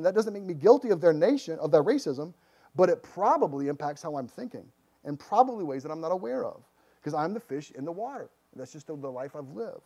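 A middle-aged man delivers a sermon in an earnest, emphatic way. His voice is mellow and warm and sits a little high for a man. He moves between forceful declarations and quiet, hushed asides. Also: big pitch swings, fairly quick. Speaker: pastor.

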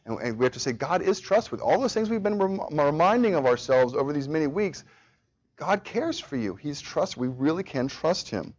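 Bible study leader, earnest man, fairly high voice, dull lo-fi recording. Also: lively intonation, moderate pace, a little mellow. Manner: earnest, repeats phrases for emphasis. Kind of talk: teaching a church study group.

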